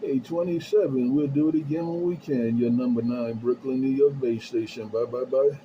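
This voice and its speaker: A man's voice: medium pitch, steady tone, moderate pace, muffled recording, very noisy. A man on a CB radio at his home base station, calling out his handle and greeting others in repeated sing-song phrases. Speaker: CB radio operator. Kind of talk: CB radio call-outs. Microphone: CB radio handheld mic.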